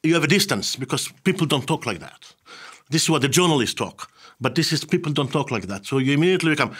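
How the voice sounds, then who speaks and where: A man from Israel, a journalist and writer telling stories in an animated, theatrical way, repeating words as he goes. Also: fairly high pitch, quick pace, breathy edge. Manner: theatrical, acts out quoted voices, repeats himself. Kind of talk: animated storytelling talk.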